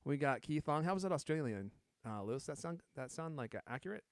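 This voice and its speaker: A man's voice: on the high side, animated, fast, dry recording. A man hosting a live-streamed podcast in a casual, joking way, teasing his co-hosts and reading out viewer comments. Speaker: podcast host.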